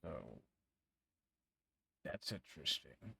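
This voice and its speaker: Man doing a quiet musing scholar, low voice, dry, tabletop game. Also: sing-song, slow, creaky, breathy edge, no room sound, heavily acted. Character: curious male scholar with a journal.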